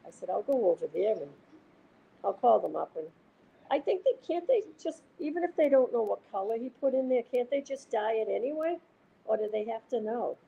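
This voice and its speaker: A woman's voice: on the high side, animated, fairly quick, gravelly, warm tone, lo-fi sound. A woman from Massachusetts with a Boston accent, chatting casually and rambling as she retells conversations with other people. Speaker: host. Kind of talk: casual chat with viewers.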